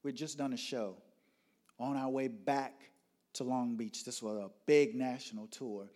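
A man telling a personal story dramatically, moving from loud outbursts to hushed whispers. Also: medium pitch, a little slow.

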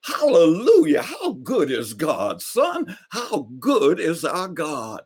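A man voicing an older male churchgoer, exuberant and preachy, shouting praise to God. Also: fairly high pitch, huge pitch swings, slow pace, slightly rough, voice pushed up, exaggerated voice. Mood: ecstatic.

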